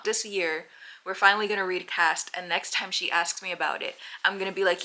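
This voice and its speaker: A woman's voice: on the low side, fairly even intonation, fast, pushed and bright. A woman book vlogger chatting casually to camera in a playful, self-deprecating way.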